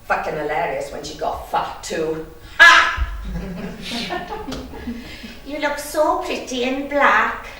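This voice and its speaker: A woman's voice: fairly high pitch, sing-song, slow pace, pauses often, bright, forceful tone, slight background noise, full character voice. A young Welsh woman from the valleys, performing a teasing, bawdy monologue and laughing often. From South Wales valleys. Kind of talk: dramatic monologue. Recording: echoey room, distant mic.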